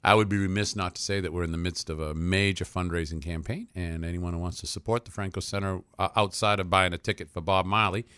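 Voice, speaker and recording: A man's voice: sits low, fairly even intonation, fast, few pauses, pushed and bright, clean tone, no echo. A man speaking for a community center on a radio show, chatty and full of fillers. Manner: chatty, filler-heavy, promotional, laughs easily. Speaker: nonprofit center representative, guest. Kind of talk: casual radio chat.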